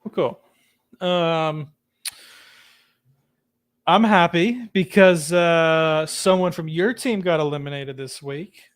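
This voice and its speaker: Chatty higher-voiced male podcast host. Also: takes it slowly, pauses often, smooth. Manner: chatty, rambling with many fillers. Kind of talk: casual chat.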